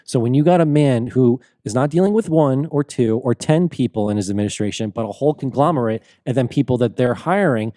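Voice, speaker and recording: A man's voice: mid-range voice, fairly quick, hardly any pauses, warm tone, no room sound, clean studio sound. A man co-hosting a political talk show with his father, talking casually and laughing often. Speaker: co-host, the host's son.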